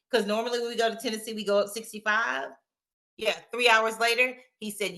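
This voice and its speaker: A middle-aged woman telling her story as an interview guest, animated and acting out the voices she quotes. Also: fairly high pitch, a little fast.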